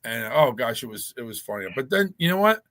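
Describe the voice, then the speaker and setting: A man's voice: medium pitch, big pitch swings, fairly quick, fairly bright tone. A man telling a long, rambling story in casual chat, with many restarts.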